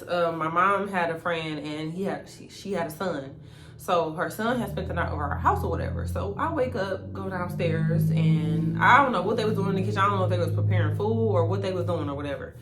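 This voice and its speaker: A young woman telling a casual storytime vlog, animated, laughing often and talking to viewers as y'all. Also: on the low side. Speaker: vlogger. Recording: echoey room with faint ambient noise.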